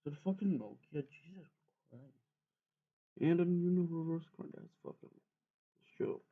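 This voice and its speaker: A young man streams a game in casual chatter, swearing nonstop and bursting into sudden yells. He talks slowly and drags his words out. His voice comes through thin and tinny, as if over a phone line. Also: on the high side, expressive. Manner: swears constantly, sudden loud outbursts.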